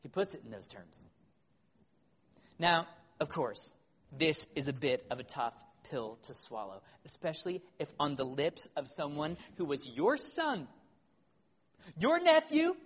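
Brief: male pastor, lively, wry sermon delivery, long church reverb. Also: a little high. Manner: animated, conversational, with wry humor.

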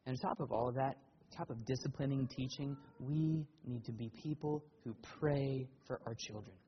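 A man preaching a sermon as pastor, earnest and animated, telling personal stories with emphatic swells. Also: normal speed, long reverb tail, highs cut off, a little hiss or hum. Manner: animated storytelling with emphatic rises in pitch and loudness.

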